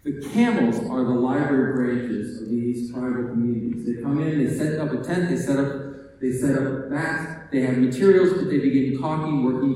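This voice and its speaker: Lively guy giving a keynote, bit higher voice, big echoey hall, mic far off. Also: a little hiss or hum. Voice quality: animated and joking, with rhetorical questions. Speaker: librarian giving a talk. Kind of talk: conference keynote.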